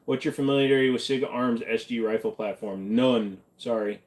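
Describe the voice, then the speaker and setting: A man's voice: mid-range voice, normal speed, hardly any pauses. Joking man hosting a casual livestream. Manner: joking, deadpan, answers questions from chat. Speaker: livestream host. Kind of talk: casual livestream chat reading comments.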